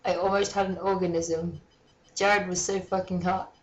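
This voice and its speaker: A woman's voice: fairly low pitch, flat delivery, normal speed, dull audio, a little hiss or hum. A woman giving a mock-dramatic reading of a fan story, breaking off for sardonic, swearing asides. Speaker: comedic reader.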